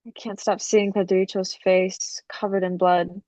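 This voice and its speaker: A woman's voice: medium pitch, flat delivery, unhurried, a little mellow, dry recording, close to an everyday voice. Woman as an earnest teen girl, everyday mid voice, dry close sound. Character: teenage girl, a daughter, earnest and playful.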